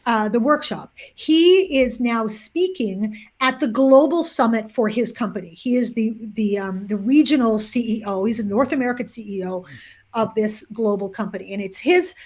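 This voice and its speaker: A woman author, the interview guest, telling a long story in an animated way, with many restarts and fillers. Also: a little high, normal speed.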